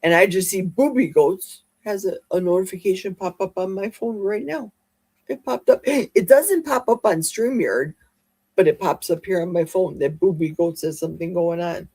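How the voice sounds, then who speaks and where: A woman's voice: lowish voice, normal speed, darkish tone, husky. A woman hosting a casual livestream, chatty and exclamatory as she reads viewer comments aloud. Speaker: livestream host. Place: home livestream.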